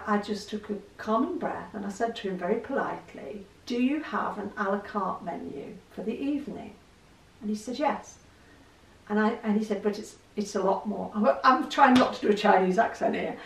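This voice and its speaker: A middle-aged woman talks candidly to the camera and pokes fun at herself. Her voice has a gravelly rasp, and she sounds a little distant in an echoey room. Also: medium pitch, normal speed. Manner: chatty, candid, self-deprecating. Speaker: vlogger. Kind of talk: casual chat to camera.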